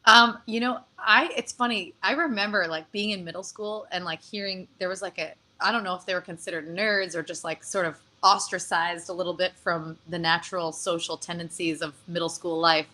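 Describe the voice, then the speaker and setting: A woman guest performer chatting casually in an interview over a video call, animated and laughing often. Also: lowish voice, a little fast, hardly any pauses, poor audio.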